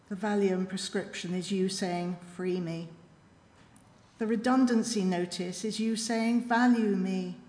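A woman reading a reflective poem in church, measured and quiet, with long pauses. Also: mid-range voice. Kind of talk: slow reflective poetry reading. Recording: echoey church hall.

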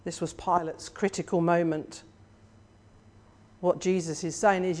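A preacher delivering a sermon in a measured, reflective way, often putting questions to the listeners. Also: mid-range voice.

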